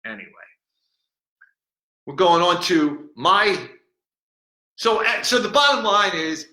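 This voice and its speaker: A podcast host plays a boastful, cranky talking bottle for comedy, rambling, mocking and tripping over his words. His voice is high, sing-song, slow and sharp, recorded in an echoey room.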